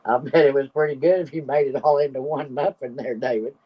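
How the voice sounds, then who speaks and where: A woman's voice: very deep voice, steady tone, moderate pace, husky. A woman hosting a casual live stream, reading viewer comments aloud and laughing constantly until she is breathless. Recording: slightly dull lo-fi audio.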